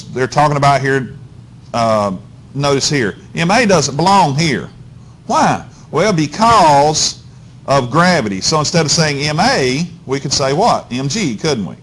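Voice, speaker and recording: A male physics teacher with a mid-range, fairly bright voice lectures his class in a folksy, coaxing way, talking straight to the students. He checks in constantly with "okay?" and "all right?", and a little hiss or hum sits under the recording.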